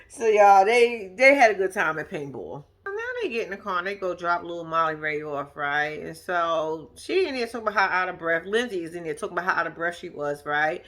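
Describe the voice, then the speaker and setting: A woman's voice: lowish voice, lively intonation, brisk, hardly any pauses, fairly bright tone. A woman giving a casual, blunt, sassy recap of a TV episode, slangy and profane, laughing often and talking straight to her viewers. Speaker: vlogger recapping a reality show. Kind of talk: casual reaction commentary.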